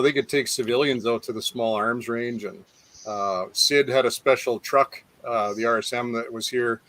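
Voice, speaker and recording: A man's voice: mid-range voice, no echo. A man hosting a casual chat, easygoing and enthusiastic as he recalls thrilling experiences. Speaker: show host.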